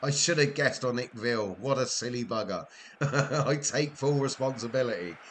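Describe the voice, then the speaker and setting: Chatty man hosting a game stream, mid-pitched, quick to laugh. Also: a bit bright, slight background noise. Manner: chatty, laughs often, joking with chat. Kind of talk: casual live-stream chat.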